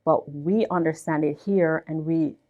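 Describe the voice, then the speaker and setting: A woman's voice: sits low, a little slow, lo-fi sound. Emphatic woman telling her story. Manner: emphatic, repeats words when excited. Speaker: business owner being interviewed. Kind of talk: storytelling interview talk.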